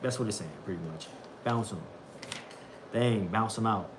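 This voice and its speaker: A man's voice: fairly low pitch, moderate pace. Rambling young man streaming with noise behind. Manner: rambling, repeats himself, says bro a lot. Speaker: livestream host reading the Bible. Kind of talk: casual livestream chat.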